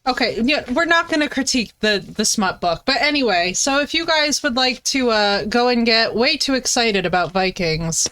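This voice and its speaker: Woman streamer, slightly high voice, lively, profane storyteller. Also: moderate pace, few pauses. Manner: animated, swearing, laughing storyteller with big pitch jumps. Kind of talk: casual chat.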